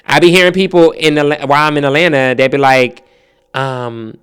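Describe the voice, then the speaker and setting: A man from New Jersey with a Jersey accent, hosting a podcast as a casual storytelling monologue, animated and profane, laughing often and slipping into mimicked accents. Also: on the high side, fairly quick, clear, resonant tone. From Trenton, New Jersey. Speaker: podcast host.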